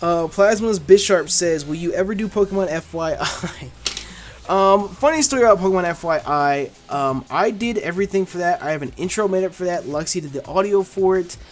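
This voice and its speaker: A man's voice: sits high, brisk. A man hosting a casual gaming channel, answering viewer questions in a laid-back, blunt way with lots of fillers. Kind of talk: casual Q&A chat.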